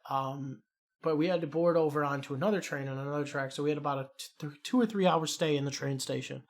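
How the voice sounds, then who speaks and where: A man's voice: on the high side, fast talker. Profane, rambling man with a Chicago accent. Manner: rambling, profane, animated storyteller. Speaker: podcast co-host. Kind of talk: casual storytelling chat.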